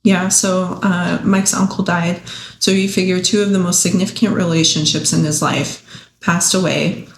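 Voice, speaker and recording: A woman, a podcast guest, giving a measured, reflective answer in conversation. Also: on the low side, steady tone, creaky. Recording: echoey room, faint background noise.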